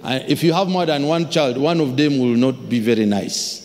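Pastor man preaching, lively storytelling, big echoey church hall. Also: mid-range voice, moderate pace, a little hiss or hum. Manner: animated storytelling, acts out voices, shouts for emphasis. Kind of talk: sermon. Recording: long hall reverb.

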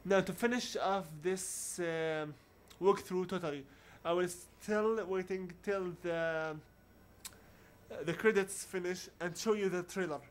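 A man giving casual commentary on a video game playthrough, talking haltingly with many restarts and searching for words. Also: sits high, fairly bright tone, a little hiss or hum. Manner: reads on-screen dialogue aloud in his own voice. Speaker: video game let's player.

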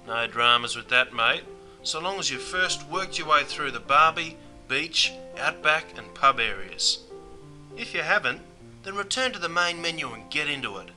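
A man's voice: on the high side, expressive, normal speed, pushed and bright, rough recording. A man with an Australian accent guiding learners through a language course in scripted narration, slangy and matey. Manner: slangy, matey, keeps saying mate. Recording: music bed under the voice. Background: music.

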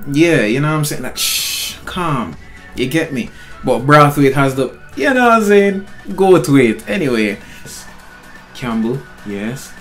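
A young man, excitably commentating his own football gameplay in a slangy, chatty way, talking straight at the screen. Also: medium pitch. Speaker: gaming channel host.

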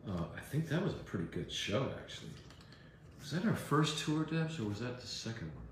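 A middle-aged American man chatting casually while signing autographs, relaxed and rambling with many fillers. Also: medium pitch, a little fast. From United States. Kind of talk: casual chat during a live autograph stream. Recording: very echoey room, faint background hum.

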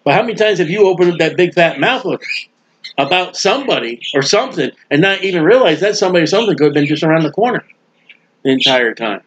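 A man preaching a sermon in a folksy, animated way, acting out the voices of people he quotes. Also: a little high, quick pace, muffled recording, a little hiss or hum. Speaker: street preacher.

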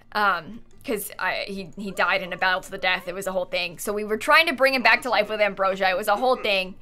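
In a mid-range voice with a sharp tone, a young woman chats casually during a life-sim game stream. Faint game music sits in the background as she jokes around, laughs often and scolds her characters.

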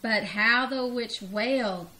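A woman's voice: a little high, takes it slowly, slight background noise. A grandmother reading a children's storybook aloud expressively, laughing and leaping up on the cries. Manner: expressive, laughing, big vocal jumps on cries.

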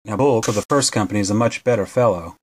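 Low-voiced man reading a novel. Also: quick pace, husky. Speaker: audiobook narrator.

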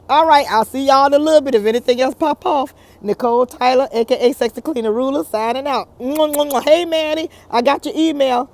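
A woman talking casually to her viewers in a gossip vlog, animated and chatty, recorded outdoors. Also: high-pitched, moderate pace. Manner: animated, chatty, laughs often, addresses viewers as y'all. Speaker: YouTube commentator.

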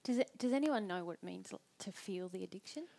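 A woman co-hosting a spiritual talk, speaking in a measured way and quoting inner thoughts to explain. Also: medium pitch, lively intonation, vocal fry, mellow. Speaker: co-host. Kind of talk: conversational teaching talk.

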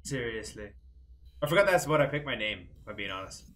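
A man's voice: medium pitch, brisk. A young man streaming a game, reading its text aloud and reacting with casual, joking commentary. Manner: animated, jokey, swears casually.

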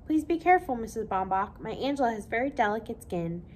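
Woman voicing a snobbish storybook mother, prim, scolding, high-pitched and sharp. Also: sing-song, quick pace, slight background noise. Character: fussy snobbish middle-aged mother.

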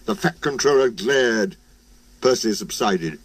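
A man reading a children's storybook aloud in a plain, steady way. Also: medium pitch, unhurried, no echo. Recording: music playing behind.

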